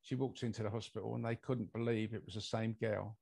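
Gravelly older British man telling a story. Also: lowish voice, flat delivery, brisk, darkish tone. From United Kingdom. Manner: rambling anecdotal delivery with many fillers. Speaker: guest, mold investigator. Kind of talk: podcast interview storytelling.

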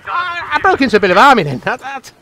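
A young man giving excitable, chatty commentary over his own game, talking to himself and his teammates. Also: very high-pitched, fast talker. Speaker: gaming channel host. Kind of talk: live gameplay commentary.

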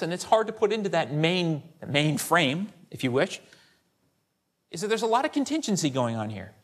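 Man, historian lecturing, fairly high voice, lively pitch, conversational, rhetorical asides. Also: slightly rough. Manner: animated, quotes sources in character. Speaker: historian giving a symposium lecture. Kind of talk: academic lecture.

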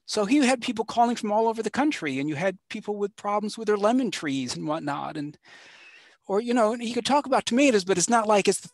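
A man's voice: high-pitched, no room sound, studio quality. A man chatting on a video call about gardening, rambling and teasing. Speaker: gardening group member. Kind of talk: casual video-call chat.

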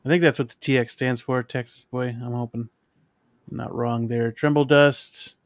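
A man's voice: mid-range voice, fairly even intonation, moderate pace, no echo, studio quality. A man hosting a casual livestream, reading out chat names in an easygoing way. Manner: easygoing, many fillers. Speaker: host.

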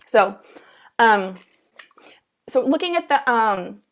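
A woman's voice: on the high side, animated, slow pace. A woman teaching an oboe masterclass, chatty and encouraging, singing rhythms aloud as she explains. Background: oboe playing.

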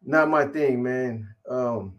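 Guy rambling through a story, lots of cussing and restarts, street talk, middle pitched voice. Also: slow, muffled recording. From California. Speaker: guest telling a story. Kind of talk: casual storytelling.

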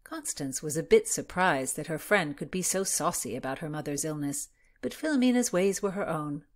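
A woman reading historical fiction aloud in a measured, expressive narration. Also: deep voice.

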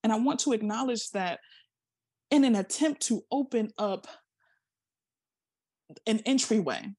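A woman's voice: on the high side, unhurried, dark tone, slightly rough, no room sound, clean studio sound. A middle-aged woman giving a passionate seminar talk over a video call, emphatic and full of rhetorical questions. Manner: emphatic, repeats words, asks rhetorical questions. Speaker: seminar speaker.

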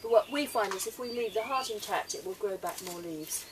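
A woman's voice: medium pitch, animated, fairly quick. Chatty English woman, gardening outdoors. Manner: chatty and enthusiastic, with fillers. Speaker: gardening presenter. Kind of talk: casual how-to demonstration. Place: outdoor vegetable garden, rural. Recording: distant mic outdoors with background noise.

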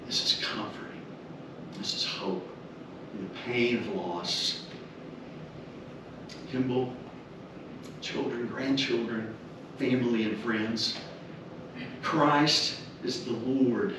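A man's voice: fairly low pitch, very slow, long pauses. A man officiating a memorial service, preaching a funeral sermon in an earnest way and repeating rhetorical questions. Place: funeral home chapel. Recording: echoey chapel, mic far off, room noise.

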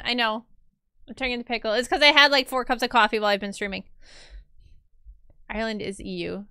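A woman's voice: a little high, fairly quick, pauses often, pushed and bright, smooth, no echo, clean studio sound. A woman live streamer chatting casually while she draws. She reads viewer messages aloud, answers them playfully and laughs easily.

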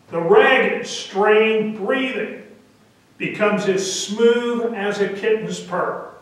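A man preaching who tells his story in a slow, deliberate way and pauses on a filler now and then. His voice sits fairly high. The sound carries a heavy church echo and comes from well back from the mic. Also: fairly bright tone. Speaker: pastor. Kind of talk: sermon storytelling. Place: church sanctuary. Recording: echoey church from a distance.

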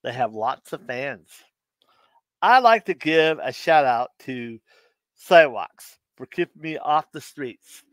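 A man hosting a live stream, reading out dad jokes in a relaxed, easygoing way and laughing at his own punchlines. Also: mid-range voice, slow pace, dry recording. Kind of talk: casual live stream joke telling.

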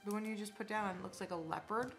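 A woman's voice: mid-range voice, fast talker, over music. A woman chatting casually beside her husband while he opens cards, making dry, teasing remarks. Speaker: co-host, host's wife. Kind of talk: casual chat.

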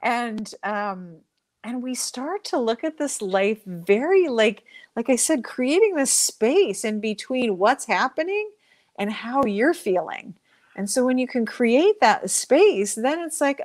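A woman's voice: a little high, sing-song, slow, a little mellow. A woman speaking as an interview guest, talking animatedly and acting out inner voices as she explains. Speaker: guest speaker on joy and emotions. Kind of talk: conversational interview.

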